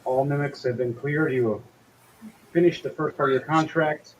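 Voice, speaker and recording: A man's voice: fairly high pitch, moderate pace. Casual man running a tabletop game. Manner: casual, swears freely, voices figures briefly. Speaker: game master. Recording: slightly dull lo-fi audio, faint hiss.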